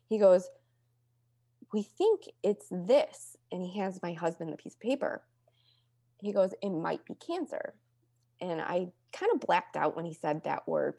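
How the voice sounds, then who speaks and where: Woman telling a story with deadpan humor. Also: vocal fry, dry recording, studio quality. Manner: deadpan humor, acts out quotes with lively pitch jumps. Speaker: guest telling her story. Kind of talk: casual conversational storytelling.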